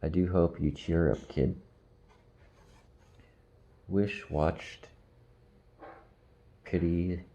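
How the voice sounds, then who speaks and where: A man reading a storybook aloud in slow, measured audiobook narration. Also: very deep voice, gravelly, warm tone, lo-fi sound.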